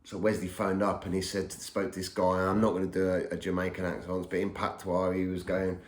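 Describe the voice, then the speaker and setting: A man's voice: sits low, monotone, brisk. A man, hosting a podcast and recounting a personal story in a rambling way, often repeating words as he remembers. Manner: rambling, repeats words while recalling events. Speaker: podcast host. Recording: roomy echo.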